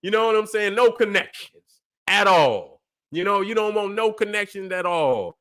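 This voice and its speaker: A man's voice: sits high, animated, normal speed, sharp tone. A man hosting a livestream, lecturing in a preachy way, profane and emphatic, always checking that listeners follow him. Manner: profane, emphatic, constantly asks "you see what I'm saying". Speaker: livestream host.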